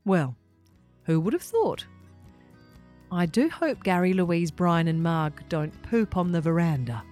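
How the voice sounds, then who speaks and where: A woman voicing a kindly, gently joking father in a children's story. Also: on the low side, animated, slow pace, faint music behind. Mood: bemused. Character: kindly, bemused father of a family.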